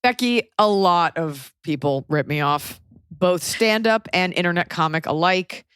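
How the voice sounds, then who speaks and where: A woman's voice: on the low side, animated, a little slow, fairly bright tone, clear, resonant tone, no echo, clean studio sound. A woman from Texas with a light Texan accent, hosting a podcast in casual, rambling chat full of fillers. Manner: chatty, lots of likes and fillers. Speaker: podcast host.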